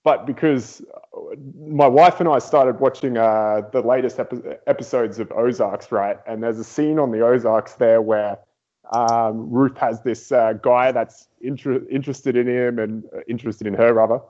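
A man's voice: medium pitch, moderate pace. Man telling a story with gusto. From outside the United States. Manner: animated storyteller, acts out quotes. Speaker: podcast guest. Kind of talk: casual storytelling. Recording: dull lo-fi audio.

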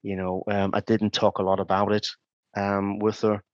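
A man's voice: lowish voice, monotone, moderate pace, no room sound. A man and former crime scene investigator, talking casually in an interview, hesitant with many ums and restarts. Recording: dull, dry sound.

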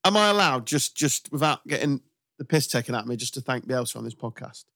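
A man hosts a casual football podcast, joking and laughing easily with his co-host. His voice is bright and very lively in pitch. The sound is close and dry, with no room around it. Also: a little fast, no echo. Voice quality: laughs often, bantering.

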